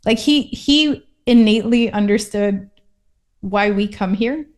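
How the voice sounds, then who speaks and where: A woman's voice: mid-range voice, measured pace. A woman from Puerto Rico, a guest in a casual interview, talking in a reflective, thoughtful way.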